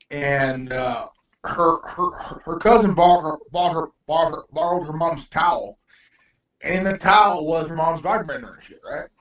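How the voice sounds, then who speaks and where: A man chatting crudely and loosely, tripping over his words and starting sentences again and again. His voice sits a bit high for a man. He sounds set back from the mic in an echoey room, with a dull, lo-fi sound. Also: a bit bright, far from the mic. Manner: rambling, stammering restarts, swears freely. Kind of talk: casual crude chat.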